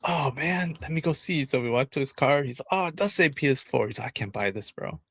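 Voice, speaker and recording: A man's voice: mid-range voice, fairly quick, husky, no room sound. A man co-hosting a podcast, telling a casual story and often laughing as he talks. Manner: laughs a lot while telling stories, animated. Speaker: podcast co-host.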